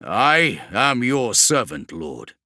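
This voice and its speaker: A man's voice: medium pitch, big pitch swings, takes it slowly, sharp tone, no echo, studio quality, heavily acted. A man voicing a weary, blunt sorcerer. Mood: resigned. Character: weary male sorcerer, cynical and pragmatic.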